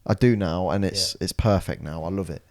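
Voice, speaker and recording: A young man, a podcast co-host who tells an animated, self-mocking story with lots of swearing. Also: low voice, brisk. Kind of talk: casual chat, storytelling.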